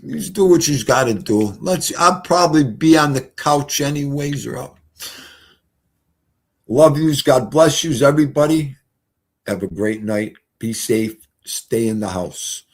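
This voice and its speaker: A man's voice: mid-range voice, measured pace. A man, live-streaming and chatting casually in a rambling, folksy storytelling way.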